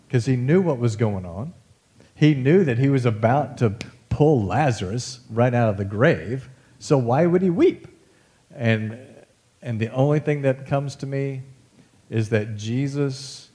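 A man's voice: medium pitch, mellow. A man preaching a sermon in a casual, conversational way, full of asides, fillers and folksy remarks. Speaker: pastor.

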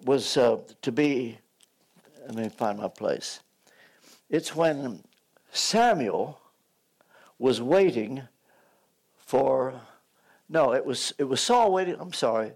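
A man's voice: mid-range voice, darkish tone. An older man preaching a sermon, telling stories, acting out voices and joking when he loses his place. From United States.

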